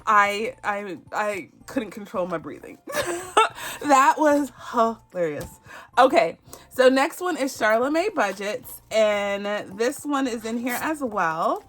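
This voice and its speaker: A woman from Barbados talks through a savings challenge in a relaxed, chatty vlog. She giggles often and keeps a friendly, easygoing flow. Her voice sits at a middle pitch for a woman. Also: a little slow. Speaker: budgeting channel host.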